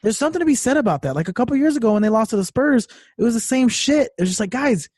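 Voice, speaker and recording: A man's voice: extremely high pitch, lively intonation, rapid-fire, darkish tone, breathy edge, dry recording. A man co-hosting a sports podcast in casual chat, rambling with lots of fillers and restarts. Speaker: podcast co-host.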